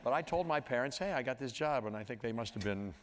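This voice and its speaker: A man in his sixties from Pittsburgh telling stories at a live onstage conversation, meandering and halting, now and then scatting a tune. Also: medium pitch, lively intonation. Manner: meandering, halting, with sung scat sounds. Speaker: interview guest. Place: large auditorium. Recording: long hall reverb with audience. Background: audience.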